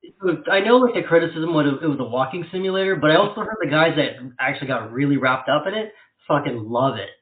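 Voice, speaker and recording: A man co-hosting a casual podcast chat, speaking bluntly and profanely in a relaxed way. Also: fairly high pitch, fast talker, few pauses. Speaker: podcast co-host. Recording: echoey room over a phone-like line.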